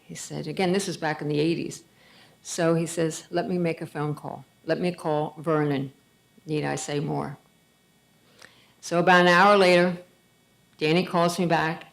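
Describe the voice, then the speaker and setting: A woman's voice: deep voice, level tone, a little slow, creaky, pauses often. A middle-aged woman giving a conversational storytelling speech at a gala, acting out bits of dialogue. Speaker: gala speaker.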